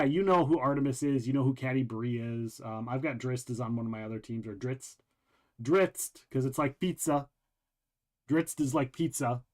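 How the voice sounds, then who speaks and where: A show host with a medium-pitched voice chats casually while walking through a video game. He's relaxed and rambling, with many pauses, restarts, and ums.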